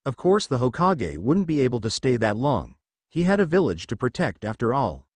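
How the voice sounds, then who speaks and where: A man narrating a fan fiction story in an animated reading voice. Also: medium pitch, moderate pace, slightly rough, no room sound. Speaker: fanfiction reader.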